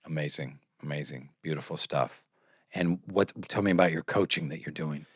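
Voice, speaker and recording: A man's voice: a bass voice, normal speed, breathy edge, no echo, clean studio sound. A man hosting a podcast, asking questions and affirming his guest attentively. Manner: attentive, brief affirming replies. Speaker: podcast host. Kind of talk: conversational interview.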